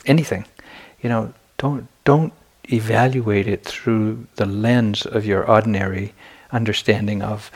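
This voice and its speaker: A man's voice: fairly low pitch, a little slow, hardly any pauses, breathy edge. A man who is a meditation teacher, giving an evening dharma talk in a candid, conversational way, telling stories with frequent restarts. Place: retreat center meditation hall.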